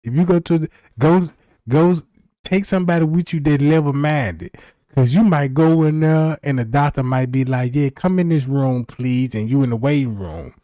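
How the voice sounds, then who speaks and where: Telling rambling, profane comedic stories on his livestream, the man frequently checks in with "you know what I'm talking about." His voice is a little high and warm at a moderate pace, captured in a dry, clean studio recording.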